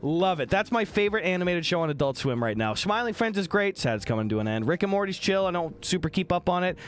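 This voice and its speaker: Lively, joking young man streaming. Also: high-pitched, fast, slight background noise. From American Midwest. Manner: animated, joking, swears a lot, reads chat aloud. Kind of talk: casual live-stream chat.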